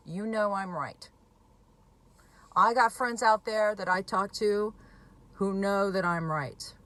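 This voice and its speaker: Woman, recovering alcoholic, blunt, emphatic, bright voice, direct-to-camera talk. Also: medium pitch. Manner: blunt, emphatic, swears freely. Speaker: recovering alcoholic speaking on addiction.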